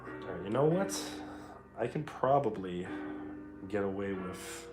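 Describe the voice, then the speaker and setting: A man's voice: on the low side, expressive, a little slow. A man chatting casually on a livestream, telling stories with plenty of swearing and laughter. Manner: profane, laughing storyteller. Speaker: streamer. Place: home room while painting. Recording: roomy echo, faint guitar music.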